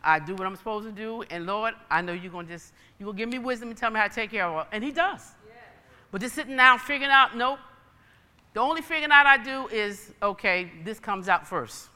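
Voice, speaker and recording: A woman's voice: fairly high pitch, fast talker, bright, forceful tone, clean tone, big-room sound. A woman preacher giving a sermon with personal testimony, emphatic and folksy in her storytelling.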